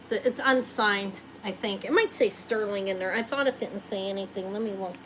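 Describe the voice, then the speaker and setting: A woman's voice: mid-range voice, brisk, a bit bright, a little hiss or hum, low-quality recording. A woman hosting a live jewelry sale, chatting casually and joking while she shows rings.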